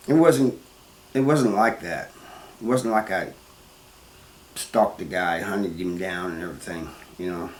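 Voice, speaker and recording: Casting note: a man with a lowish voice, plain-spoken and halting, recorded in a roomy space with faint background noise. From Missouri, US. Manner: plain-spoken, halting, with restarts and "you know". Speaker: former prisoner telling his story. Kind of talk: first-person storytelling.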